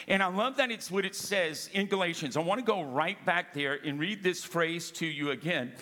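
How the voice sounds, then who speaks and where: A man's voice: high voice, expressive, moderate pace, bright, forceful tone. A man preaching a sermon as pastor, emphatic, often calling for the congregation to answer back. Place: church sanctuary. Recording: long reverb of a large hall.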